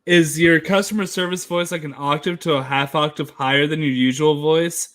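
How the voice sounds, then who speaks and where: A man chatting casually with friends, his voice a little high for a man. He keeps asking questions and nudging the conversation along. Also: steady tone, normal speed, a bit bright. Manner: inquisitive, steers the talk. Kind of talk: casual group chat.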